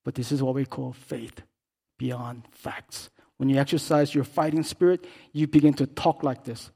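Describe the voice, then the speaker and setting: A man preaching a sermon as pastor, swinging between hushed, quiet stretches and loud, impassioned calls. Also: medium pitch, fairly even intonation, normal speed, creaky, breathy edge.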